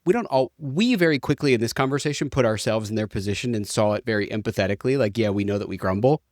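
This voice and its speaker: A man co-hosting a casual Bible discussion, animated and acting out everyday complaints. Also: on the low side, quick pace, dry recording, clean studio sound. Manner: animated, acts out quoted complaints. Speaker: podcast co-host.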